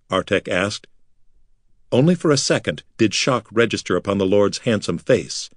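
Low-voiced man narrating an audiobook. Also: expressive, no echo, clean studio sound. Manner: measured, dramatic. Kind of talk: scripted narration.

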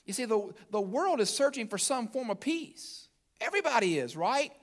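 A man preaching a sermon as pastor, quoting scripture and swinging from soft, low passages to loud, emphatic ones. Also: big pitch swings, normal speed. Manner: scripture quoted aloud and picked apart.

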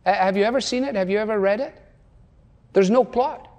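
A man in his sixties delivers a sermon in a notably high-pitched, darkish voice, speaking fairly quickly. He presses his listeners with rhetorical questions and emphatic repetition, his words ringing with the long reverb of a large church auditorium.

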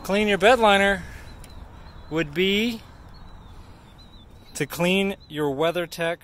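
Man, slightly high voice, slow how-to demonstration, faint vehicle noise behind. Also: a bit bright. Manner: slow, plain instructional talk. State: out of breath. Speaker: shop employee demonstrating.

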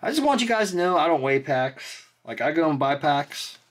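Chatting casually at a moderate pace in a mid-range voice, a host eagerly opens trading card packs on camera. He exclaims and apologizes often and drifts into rambling tangents.

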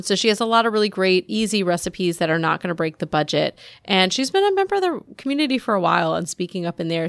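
A woman's voice: medium pitch, fairly bright tone, no echo. A woman hosting her own solo podcast, chatting in an upbeat way straight to her listeners. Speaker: podcast host.

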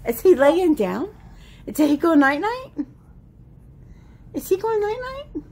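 A woman's voice: very high voice, very animated, slow, a little mellow. A woman at home, cooing and coaxing in sing-song baby talk to a toddler and a dog. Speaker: parent of the toddler and dog owner. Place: at home indoors.

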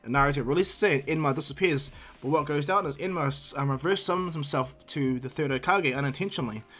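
A man's voice: a little high, quick pace, fairly bright tone. A man improvising fan-fiction narration, hesitant, with frequent fillers and restarts. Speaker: storyteller.

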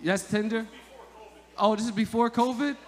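High-voiced profane comedian. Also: male voice, fairly even intonation, moderate pace, a faint crowd. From Montclair, New Jersey. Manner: loud, profane, joking banter with the audience. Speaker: stand-up comedian. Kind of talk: stand-up crowd work. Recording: echoey live comedy venue.

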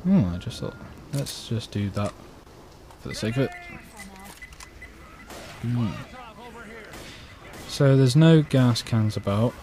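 A British man giving gameplay commentary, chatting to himself with quiet mutters and sudden outbursts. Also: mid-range voice, expressive, takes it slowly, pauses often, noisy background. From Britain. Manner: chatty, jumps between mutters and sudden exclamations. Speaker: let's play gamer.

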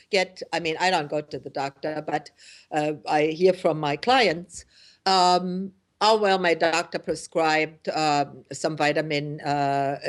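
A middle-aged woman from Germany hosting a radio talk show, talking in an indignant, emphatic way with many fillers and restarts. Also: fairly low pitch. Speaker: host.

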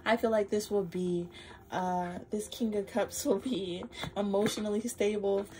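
A woman's voice: mid-range voice, fairly even intonation, a little slow, dark tone. A woman giving a casual tarot reading to her viewers, effusive and emotional, swearing freely and calling them y'all. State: flustered and emotional. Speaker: tarot reader. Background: music.

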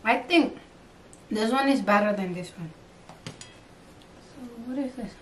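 A woman's voice: mid-range voice, slow pace. Chatty young Nepali woman, roomy distant mic. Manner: chatty, mixing English and Nepali. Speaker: vlogger. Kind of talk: casual food-tasting vlog.

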